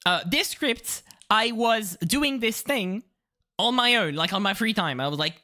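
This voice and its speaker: A man's voice: high-pitched, animated, measured pace, bright, forceful tone. A young man from France with a French accent, chatting casually on a live stream in English. He rambles and mocks himself, swears often and slips into silly put-on voices. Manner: rambling and self-mocking, with frequent swearing and fillers; jumps into mock voices mid-sentence.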